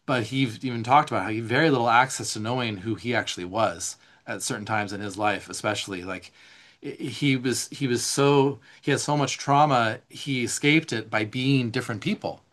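A man leading a live somatic class, reading notes aloud and explaining them in a relaxed, conversational way, responding to viewer questions. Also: medium pitch, brisk. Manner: reads slides aloud, then explains in casual asides. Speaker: somatic teacher. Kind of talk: live online class teaching.

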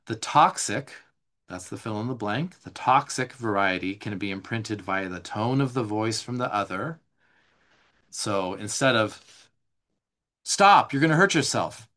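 A man's voice: on the low side, unhurried, bright, forceful tone. A man teaching a live online workshop in a loose, conversational way, talking a worksheet through line by line with frequent fillers and restarts.

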